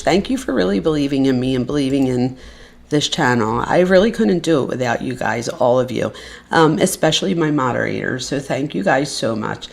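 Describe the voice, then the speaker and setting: A woman hosts a live stream in a slow, unhurried way with a gravelly edge to her voice. She is effusive and chatty with her viewers. Her pitch sits on the low side. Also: darkish tone. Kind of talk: casual live stream chat.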